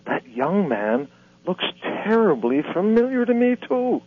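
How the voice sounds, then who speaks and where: Guy doing a squeaky little old crooked man, amazed, muffled radio sound. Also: sing-song, unhurried, heavily acted. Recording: dull lo-fi radio audio.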